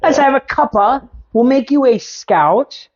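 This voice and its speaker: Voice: sits high, expressive, measured pace, dull audio, voice pushed up, exaggerated voice. A podcast host doing a goofy, chummy mock-British young ballplayer in a chirpy, jokey voice. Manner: chirpy, jokey, cartoonish slang.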